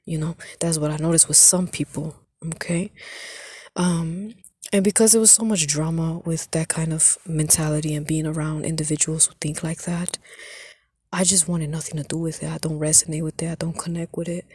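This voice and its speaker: A woman's voice: sits low, level tone, normal speed, warm tone, husky, no echo. A woman vlogger sharing her faith testimony in an earnest, casual way, often saying "you know" and dropping into whispers.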